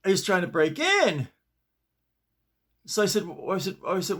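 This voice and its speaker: A man's voice: high voice, big pitch swings, measured pace, a bit bright. A man hosting his own video show, telling a story in a casual, rambling way with many restarts, recorded in his bedroom. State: shaken up. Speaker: host.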